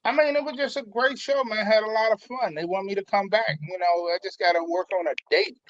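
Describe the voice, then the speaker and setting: Male comic guest, high voice, relaxed, dull lo-fi call sound. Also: fairly quick, no echo. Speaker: stand-up comedian guest. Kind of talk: casual chat.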